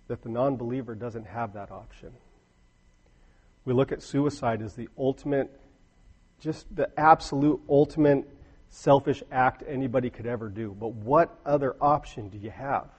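Man, middle-aged, husky voice, sermon, earnest with emphatic swells. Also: medium pitch, warm tone, muffled recording. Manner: earnest, rising to emphatic bursts, storytelling asides. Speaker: preacher.

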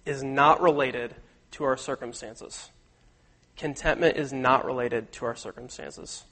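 Man preaching in a reverberant hall. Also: fairly high pitch. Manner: conversational, animated, acts out quotes. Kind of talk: sermon.

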